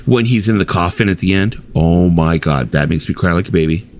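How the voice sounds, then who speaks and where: A man's voice: deep voice, fairly quick, darkish tone. A middle-aged man hosting a casual late-night chat stream, swearing freely and acting out his own reactions as he tells stories. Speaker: stream host.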